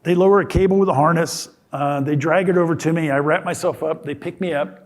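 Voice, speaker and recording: A man's voice: on the high side, fairly even intonation, fast. A man in his sixties giving a casual talk in a lecture hall, telling a story with restarts and acted-out quotes. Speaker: guest speaker.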